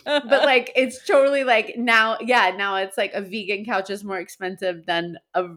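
A woman's voice: medium pitch, steady tone, normal speed, fairly bright tone. A woman co-hosting a casual podcast, reading listener posts aloud and chatting with lots of laughs and "like"s. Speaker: podcast co-host.

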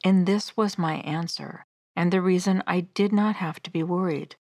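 A middle-aged woman narrating her own devotional book in a gentle, measured, earnest reading. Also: lowish voice, steady tone, dry recording, clean studio sound.

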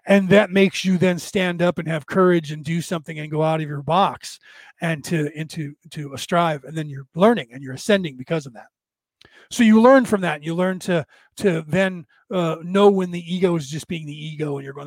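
A man with a fairly high voice hosts a loose spiritual talk, speaking right into a desk microphone. The sound is dry and close, with no room around it. He circles back on his words and sometimes sinks to a near whisper for an aside. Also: normal speed, dry recording. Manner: conversational, repeats and restarts, drops to a hush for asides. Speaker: spiritual podcast host. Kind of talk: casual spiritual talk to a live chat.

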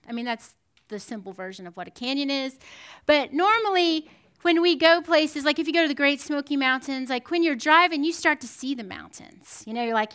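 High bright lady preacher, smooth clear voice, chatty animated sermon. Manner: animated storytelling with frequent "right?" asides. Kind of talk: conversational sermon.

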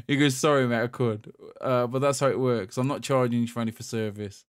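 A man from England on a gaming podcast, telling a long story in a casual, animated way and laughing as he goes. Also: mid-range voice, fast, hardly any pauses, dry recording, studio quality. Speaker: podcast host. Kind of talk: casual chat.

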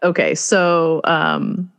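A woman's voice: on the low side, lively intonation, extremely slow, creaky, a bit bright. A woman co-hosting a casual podcast chat, recapping a movie and laughing often as she talks. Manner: giggly, laughs often while talking. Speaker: podcast co-host.

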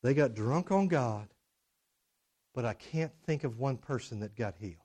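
A middle-aged man preaching a sermon, swinging from loud, emphatic declarations to low, hushed drama. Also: animated, normal speed. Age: middle-aged or older.

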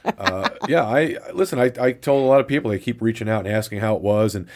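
Guy cohosting a podcast, kinda low voice, rambles and repeats himself. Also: fast talker, noisy background. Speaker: podcast co-host. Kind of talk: casual podcast chat.

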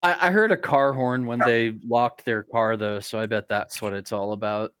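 A man playing a tabletop game, talking casually and excitably, with lots of fillers and swearing. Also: mid-range voice, normal speed, smooth, no room sound, studio quality. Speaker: player.

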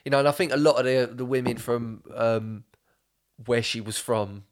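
A man's voice: mid-range voice, moderate pace. A young man, hosting a casual podcast chat, rambling through stories with lots of swearing and laughter. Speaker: podcast host.

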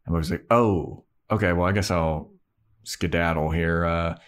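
A man co-hosting a casual podcast, retelling a TV episode with crude jokes and quick voices for the characters. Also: sits low, fairly even intonation. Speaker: podcast co-host recapping a TV episode. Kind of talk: casual chat.

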